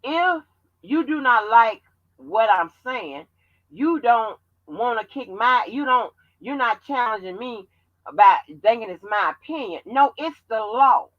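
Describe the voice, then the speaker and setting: A woman hosting a livestream, talking bluntly and profanely in animated commentary. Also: a little high, measured pace, no echo, highs cut off. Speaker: channel host.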